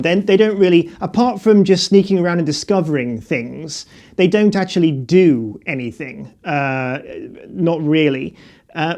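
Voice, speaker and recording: A man's voice: on the high side, darkish tone. A middle-aged man giving a casual, unscripted film review, talking hesitantly with many fillers and restarts.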